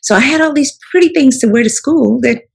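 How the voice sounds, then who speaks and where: A woman's voice: high voice, a little fast, gravelly, breathy edge, rough recording. Woman. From South Carolina Sea Islands. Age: 70s. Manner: rambling, filler-heavy, restarts with "you know". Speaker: author and storyteller guest. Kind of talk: reminiscing interview talk.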